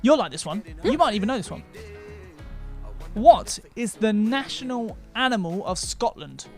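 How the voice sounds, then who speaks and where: Teasing quiz host on a webcam stream, jokey, mid pitch, little music in the back. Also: very animated, moderate pace. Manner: teasing, joking quizmaster. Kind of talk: casual livestream quiz hosting.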